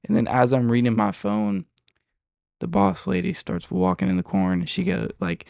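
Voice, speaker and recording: A young man casually retelling a story in an excitable, slangy way. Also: on the high side, moderate pace, creaky, no echo, studio quality.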